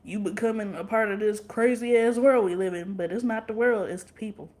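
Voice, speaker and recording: A woman's voice: medium pitch, fairly quick, a little mellow, roomy sound. A woman chatting casually and bluntly with her livestream viewers, swearing freely and laughing often. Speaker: livestream vlogger.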